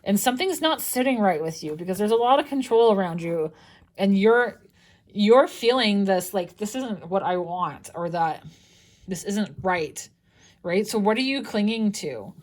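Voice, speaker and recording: A woman's voice: medium pitch, lively intonation, a little slow. A young woman giving a casual tarot reading, chatty and loose, swearing freely and restarting her sentences often. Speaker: tarot reader.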